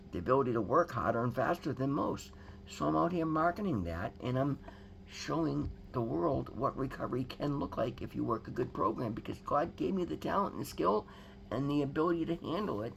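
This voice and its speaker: A man's voice: mid-range voice, creaky, slight background noise. A man giving an earnest, rambling personal testimony to his viewers, emphatic and calling them guys. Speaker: recovery vlogger.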